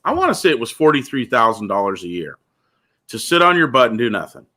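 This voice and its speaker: Man, blunt ranting host, lively up-and-down pitch, bright edge. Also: fast talker. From California. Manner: blunt, ranting, says "dude" a lot. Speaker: podcast host. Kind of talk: casual opinion talk.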